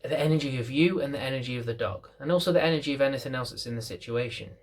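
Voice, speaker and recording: Speaking rapid-fire in a mid-range voice, a dog trainer talks casually to camera from a chair indoors. His unedited delivery is packed with fillers and restarts.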